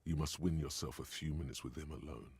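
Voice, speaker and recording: A man voicing the inner voice of a game hero's mind, speaking in measured second-person advice and warnings. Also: a bass voice, fairly even intonation, vocal fry, darkish tone, slightly rough, exaggerated voice. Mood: ominous advising.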